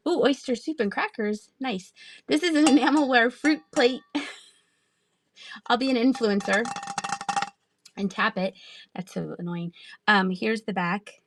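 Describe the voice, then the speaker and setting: A woman hosting a casual live-stream sale, chatty and quick to laugh as she answers the chat. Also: fairly high pitch, no room sound. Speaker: online live-auction seller.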